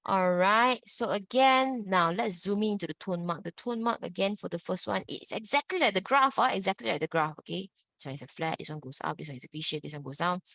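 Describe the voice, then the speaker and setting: A woman's voice: lowish voice, fairly bright tone, no room sound. Woman teaching Mandarin tones. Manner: demonstrates tones in exaggerated swoops, repeat-after-me drills. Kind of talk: online language lesson.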